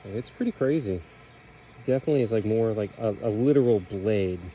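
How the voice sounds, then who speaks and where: A man hosting a casual outdoor vlog at an animal sanctuary, chatty and relaxed as he explains what he is doing. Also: on the low side, brisk, slight background noise. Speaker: sanctuary keeper and vlog host.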